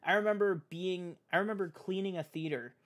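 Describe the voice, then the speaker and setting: A man hosting a podcast, chatting casually about films with animated, profane talk full of "like". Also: high-pitched, a little fast. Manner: animated, profane, heavy use of "like". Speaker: podcast host. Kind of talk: casual film chat.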